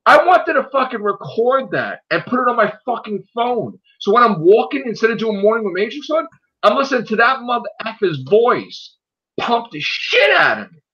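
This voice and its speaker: A man hosting his online show, talking in a loud, profane, animated rant in casual chat. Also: very high-pitched, normal speed. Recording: dull lo-fi sound.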